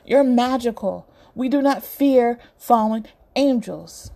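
A woman's voice: on the high side, slow, vocal fry, warm tone. A woman voicing a stern, commanding older witch who chides the others, in a storybook reading. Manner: chiding, imperious.

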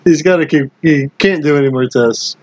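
A man's voice: a little high, moderate pace, no echo, highs cut off. A man co-hosting a podcast, casually recounting sitcom scenes with bursts of laughter. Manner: easygoing, laughs while retelling scenes. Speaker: podcast co-host. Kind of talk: casual episode recap chat.

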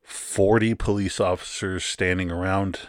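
A man, co-hosting a podcast, talking through a movie in a halting, casual way with many restarts and easy laughs. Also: low-pitched, flat delivery, dry recording, clean studio sound. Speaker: podcast co-host. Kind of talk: casual movie review chat.

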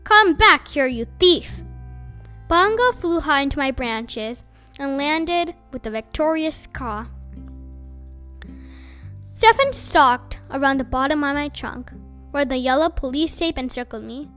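A woman reading a children's book aloud as host of her own storytime, in an expressive, animated way. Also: sits high, unhurried, soft background music.

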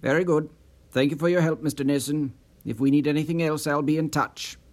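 A man's voice: on the high side, brisk, close to an everyday voice. A man doing a stern, suspicious agency chief. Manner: curt, commanding, suspicious.

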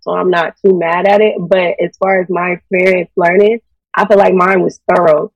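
A woman co-hosting a casual chat show, giving her opinions in a relaxed, conversational way. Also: lowish voice, normal speed, no echo, distant mic, dull audio. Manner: relaxed, opinionated, says "you know" often. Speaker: podcast co-host.

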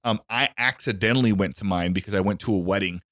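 Fast-talking man telling a funny story. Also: no room sound, studio quality. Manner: animated storyteller, jumps high when quoting himself. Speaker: podcast host. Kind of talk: casual comedic chat.

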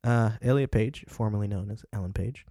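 A man's voice: fairly low pitch, fairly quick, warm tone, dry recording, studio quality. A man in his twenties co-hosting a podcast, chatting in a loose, rambling way with plenty of swearing. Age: 20s. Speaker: podcast co-host. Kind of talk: casual chat. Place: indoors by a window.

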